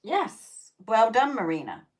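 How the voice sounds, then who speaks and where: A woman's voice: a little high, very animated, slow, dull audio. A woman hosting a live tarot stream who chats with viewers in a blunt, profane way, laughs often, and keeps checking in with "okay?". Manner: coaching, repeats "okay?" to check in.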